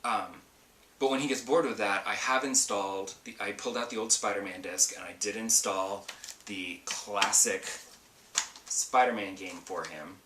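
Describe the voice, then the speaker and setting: A man's voice: lowish voice, normal speed, bright, forceful tone, reverberant, far from the mic, a little hiss or hum. A man hosting a casual solo gaming podcast, chatty and rambling with lots of ums and asides. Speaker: podcast host.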